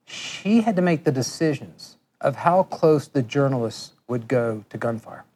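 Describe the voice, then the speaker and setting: A middle-aged man giving a lecture, telling animated workplace anecdotes and acting out the voices of people he quotes. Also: mid-range voice, a little slow. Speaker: guest lecturer. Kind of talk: storytelling lecture.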